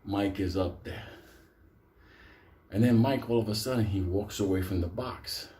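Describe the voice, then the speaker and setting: A man's voice: on the low side, a little slow, dark tone. A man telling a story to a live audience, swearing constantly and laughing as he goes.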